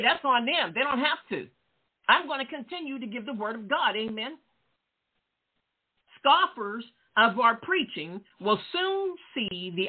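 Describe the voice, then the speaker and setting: A woman pastor preaching a fervent sermon, peppering her talk with "Amen" and questions to her listeners. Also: a little high. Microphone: phone line, radio call-in show. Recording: tinny phone-line sound.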